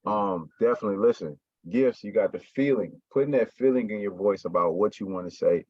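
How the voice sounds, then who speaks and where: A man's voice: lowish voice, fairly quick, no echo. Emphatic male sales coach, muffled audio. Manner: emphatic, repeats "right?" and "you got me?". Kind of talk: casual coaching talk to a team.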